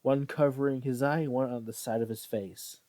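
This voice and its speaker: Man, casual read-aloud, self-correcting, apologetic, mellow tone, dry sound. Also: mid-range voice, steady tone, normal speed, no echo. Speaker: reader of a fan story.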